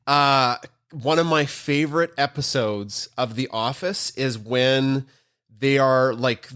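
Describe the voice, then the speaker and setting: A man's voice: mid-range voice, fairly bright tone. A man co-hosting a casual live pet chat show, joking and laughing often. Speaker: podcast co-host.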